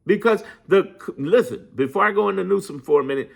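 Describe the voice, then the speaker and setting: Gravelly, emphatic man ranting about politics. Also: sits high, expressive, fairly quick. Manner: emphatic and profane, repeats lines for emphasis; preachy, motivational. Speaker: political commentator. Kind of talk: impassioned political monologue.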